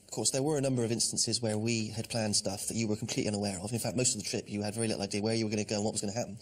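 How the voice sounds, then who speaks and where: An English co-host asking questions in a dry, mock-serious tone. He speaks very quickly at a mid pitch, with faint noise behind him. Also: fairly even intonation, low-quality recording. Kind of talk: casual interview questions.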